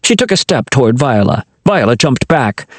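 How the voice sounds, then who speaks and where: Expressive man narrating a storybook. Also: medium pitch, normal speed, no room sound, studio quality. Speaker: audiobook narrator. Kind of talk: scripted narration of a children's fantasy novel.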